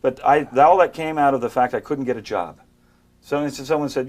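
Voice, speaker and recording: On a chat show, an older magician spins comic stories at normal speed in a medium-pitched voice. He does voices for the people he quotes.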